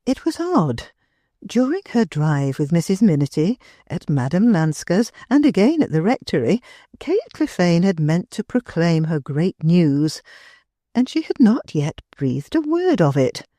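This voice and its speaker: A woman narrating a classic novel as an audiobook reader, expressive and unhurried. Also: on the low side, no echo, clean studio sound. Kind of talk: scripted literary narration.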